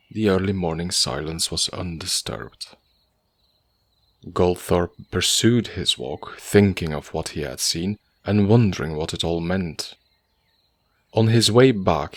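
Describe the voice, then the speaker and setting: Male narrator, low pitch, measured storytelling, dry close-miked audiobook sound. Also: no room sound.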